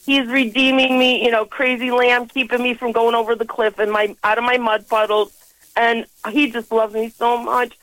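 A woman's voice: a little high, little pitch movement, normal speed, fairly bright tone, dry recording, rough recording. A woman in her sixties calling a radio show by phone, talking in an effusive, rambling, fervent way and laughing often. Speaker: caller.

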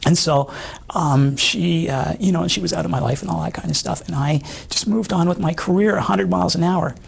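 A middle-aged man with a hoarse voice, giving an earnest personal testimony in an interview, halting with many fillers. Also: on the high side. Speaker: guest.

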